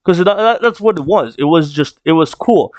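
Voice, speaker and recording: A man's voice: a little high, lively intonation, normal speed, a little mellow, no echo, muffled recording. A man giving casual, rambling reaction commentary on a manga chapter, full of fillers and swearing.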